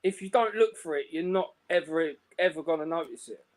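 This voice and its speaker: A man's voice: on the high side, brisk, a little mellow. A man with a London accent, a guest in a casual chat, laid-back and earnest, using slang. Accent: London English. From England.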